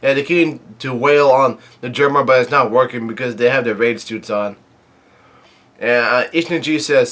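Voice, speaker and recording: Guy going over a manga chapter, bright tense voice, lots of uh and restarts, super casual. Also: medium pitch, normal speed. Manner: rambling, many "uh" fillers and restarts. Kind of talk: casual manga recap, reading panels aloud.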